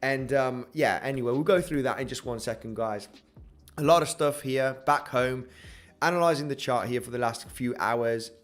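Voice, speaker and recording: A man's voice: medium pitch, normal speed. A man hosting a casual crypto trading livestream, upbeat and hyped, greeting chat viewers and filling with "you know" and "guys". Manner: upbeat, hypes the chart, greets chat viewers by name, says "guys" a lot; filler-heavy, many "you know" and restarts.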